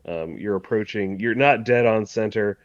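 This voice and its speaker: Deep-voiced man running a tabletop game. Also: normal speed, no room sound, lo-fi sound. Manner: rambling, self-correcting, laughs often. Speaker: game master.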